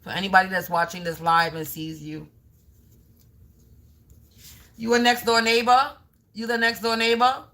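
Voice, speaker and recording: Sharp-voiced, confrontational woman tarot reader. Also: mid-range voice, little pitch movement, brisk. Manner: confrontational, taunting, repeats phrases; scolding an unseen commenter. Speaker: spiritual reader hosting a live stream. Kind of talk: live tarot card reading.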